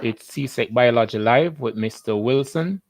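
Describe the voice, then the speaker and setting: A man's voice: medium pitch, moderate pace. Upbeat Jamaican man hosting a live lesson. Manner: chatty, greets viewers by name, upbeat. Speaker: biology teacher hosting a live stream. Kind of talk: live-stream lesson with viewer roll call.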